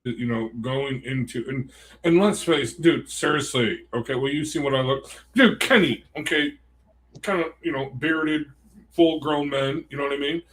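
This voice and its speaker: A man in a casual conversation, telling a heated story in an animated, rambling way. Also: medium pitch, moderate pace.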